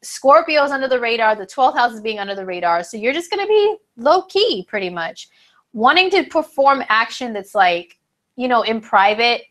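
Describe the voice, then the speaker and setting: A woman's voice: fairly high pitch, a bit bright. A woman hosting an astrology video, talking casually to her viewers in a chatty, slangy way with lots of fillers, a little stuffy in the nose. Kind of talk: casual talk to camera.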